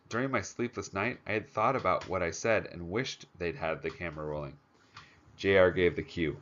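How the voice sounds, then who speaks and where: Male audiobook narrator, deep voice, steady first-person telling, muffled lo-fi sound. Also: normal speed, slight background noise. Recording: dull lo-fi recording.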